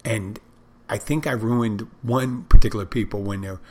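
A man's voice: lowish voice, fairly even intonation, moderate pace, darkish tone. A man who works as a restaurant server and bartender, talking casually about how he deals with customers and acting out how he greets them. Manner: conversational, acts out his own greetings to customers. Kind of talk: casual storytelling monologue.

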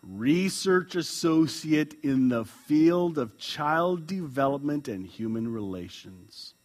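A man voicing a mother who proudly declares her grand job title, speaking in crisp, emphatic lines. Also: high-pitched, very animated, quick pace, a little mellow, voice pushed up, full character voice.

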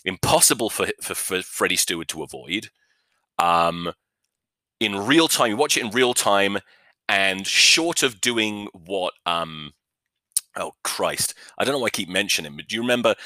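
A low-pitched man hosts a rugby podcast in a rambling comic rant. His voice is bright and forceful, recorded dry and close on a podcast mic. He swears freely, mocks himself and keeps restarting his sentences. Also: dry recording. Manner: profane, joking, self-mocking, many restarts. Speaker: podcast host. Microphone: new podcast microphone.

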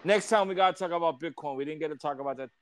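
A man's voice: a little high, very fast, slight background noise. A man hosting a podcast in loose, profane, laughing banter. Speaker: podcast host. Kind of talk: casual chat.

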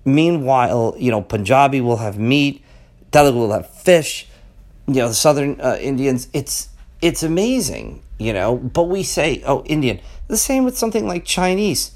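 A middle-aged man in a loose, rambling monologue at an average pitch. He keeps asking pointed rhetorical questions and checks in with the listener constantly. His delivery feels like unscripted thinking out loud. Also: very animated, moderate pace. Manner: rambling and conversational, peppers talk with "okay?" and "you know". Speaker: vlogger. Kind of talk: casual off-the-cuff monologue.

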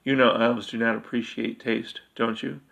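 A man's voice: medium pitch, little pitch movement, moderate pace, creaky, a bit bright. A man voicing a blunt, eager half-elf general who fires off questions in a fantasy story.

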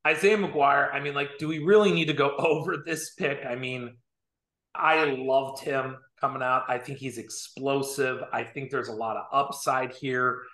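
A man co-hosting a podcast in casual sports chat, animated, joking and emphatic. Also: mid-range voice, moderate pace. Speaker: podcast co-host. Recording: roomy echo.

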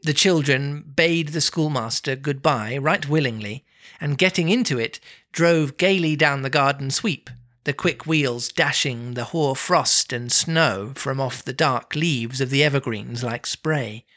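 A narrator reading a classic story aloud in a measured, expressive way. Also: mid-range voice. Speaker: reader.

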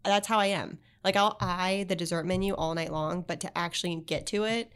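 A woman's voice: fairly low pitch, fairly even intonation, fairly bright tone, smooth. Bubbly woman food blogger, studio chat. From Florida. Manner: bubbly, quick storytelling with many fillers. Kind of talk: casual podcast chat. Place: podcast studio.

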